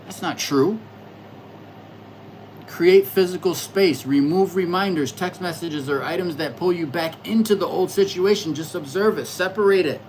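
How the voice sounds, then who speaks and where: A man hosting a casual livestream, rambling and reflective, stammering through restarts as he talks loudly and excitedly to his viewers in chat. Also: high-pitched, moderate pace, hardly any pauses, slight background noise, rough recording. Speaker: livestream host reading astrology charts.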